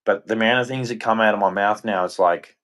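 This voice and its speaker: A man's voice: on the low side, fast talker, fairly bright tone. A man hosting a livestream, ranting in a rambling, frustrated and heartfelt way. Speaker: livestream host. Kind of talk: casual ranting monologue.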